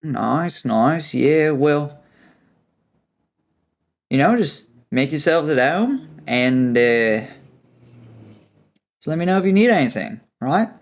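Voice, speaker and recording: A man's voice: a little high, expressive, slow pace, pauses often, voice pushed up. A man voicing a jovial, thickly bearded male dwarf leader with a New Zealand accent. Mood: friendly. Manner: friendly, hearty.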